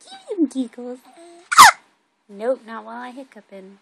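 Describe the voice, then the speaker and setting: A woman's voice: on the high side, wildly swooping pitch, moderate pace, vocal fry, very noisy, full character voice. A mom voicing her hiccuping baby boy. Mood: playful. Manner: babyish broken grammar.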